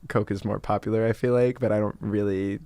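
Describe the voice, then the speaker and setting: A man's voice: fairly low pitch, steady tone, a little fast, mellow, no echo. A young man guesting on a college radio show, talking in an easygoing way and laughing often. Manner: easygoing, laughs often, reads posts aloud. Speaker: guest co-host. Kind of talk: casual joking chat.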